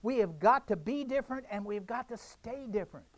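A man's voice: extremely high pitch, lively intonation, fairly quick, no echo. A man preaching a sermon, emphatic and direct, repeating phrases for effect. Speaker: pastor.

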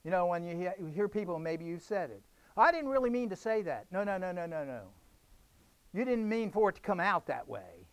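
A man's voice: high voice, animated, fairly quick, no echo. A man preaching a sermon, emphatic and direct, repeating phrases for effect. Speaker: pastor.

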